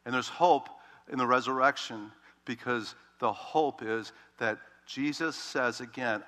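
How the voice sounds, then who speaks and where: A male pastor with a strikingly bright, forceful voice preaches with animated storytelling. His emphasis swings from ringing, urgent lines to hushed asides. A long reverb trails every phrase, as if in a large church. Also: medium pitch, measured pace. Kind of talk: sermon.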